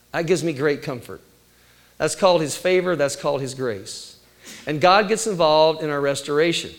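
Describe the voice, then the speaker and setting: Conversational man preaching a sermon. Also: a little high. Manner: conversational, folksy, with light humor and rhetorical questions. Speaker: pastor.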